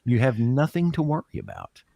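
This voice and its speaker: Male podcast co-host, lively ironic banter, dry recording. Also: medium pitch, a little fast, creaky, dry recording. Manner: jokey, breaks into ironic mock voices. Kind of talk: casual chat.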